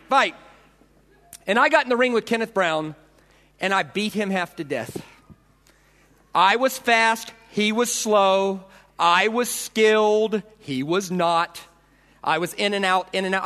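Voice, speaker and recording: A man's voice: extremely high pitch, bright, forceful tone. A man preaching a storytelling sermon, dramatic, acting out voices and punches. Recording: long hall reverb.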